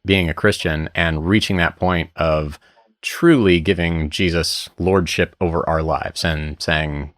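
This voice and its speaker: A man's voice: deep voice, steady tone, measured pace, no echo, clean studio sound. A man hosting an interview, affirming his guest and adding his own thoughts on faith. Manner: affirming, short backchannels, reflective. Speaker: podcast host. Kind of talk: casual interview conversation.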